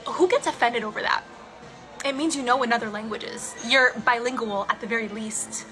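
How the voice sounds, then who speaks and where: A woman's voice: on the high side, moderate pace, pushed and bright, rough recording. Sassy blunt woman over background music. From Egyptian family. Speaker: co-host. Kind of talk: drama commentary.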